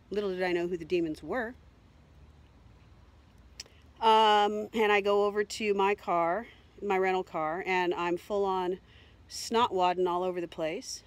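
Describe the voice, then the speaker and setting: A woman's voice: fairly low pitch, normal speed. A middle-aged woman vlogger telling an emotional personal story, rambling and upset, with many fillers and repeats.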